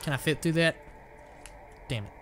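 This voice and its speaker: A man's voice: fairly high pitch, animated, normal speed, background noise. A young man casually commenting as he plays a video game, rambling, joking at his own expense and blurting out his frustration. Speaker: gamer playing through a shooter. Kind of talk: casual let's-play commentary. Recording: game music playing behind.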